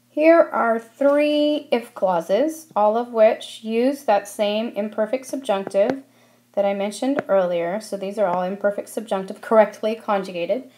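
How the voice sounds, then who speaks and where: A woman walks students through Spanish verb forms in a friendly, explanatory way. She pauses on ums now and then and keeps a teacher's easy pace. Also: mid-range voice, mellow. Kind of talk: classroom lesson narration over slides.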